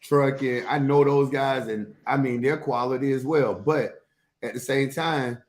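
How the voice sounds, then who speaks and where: A man's voice: medium pitch, unhurried. A man hosting a casual podcast for truck drivers, reading out viewer comments in a blunt, teasing way. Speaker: CDL instructor, podcast host.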